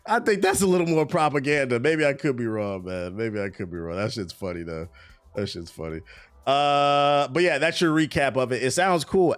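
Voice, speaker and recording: A man streaming casually, reading entertainment news aloud and breaking off into profane, laughing asides. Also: normal speed. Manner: profane, laughing asides, excitable pitch jumps.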